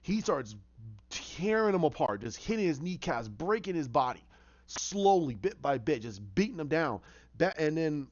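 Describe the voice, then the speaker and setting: A man excitedly telling a movie idea as a casual story, acting out scenes with sound effects. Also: fairly high pitch, normal speed. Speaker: fan pitching a film idea. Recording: muffled lo-fi recording.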